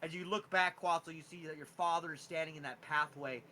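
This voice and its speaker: A man narrating as game master of a tabletop game, animated and lively with frequent rising emphasis. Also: fairly quick, rough recording. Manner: animated, pitch jumping on key words.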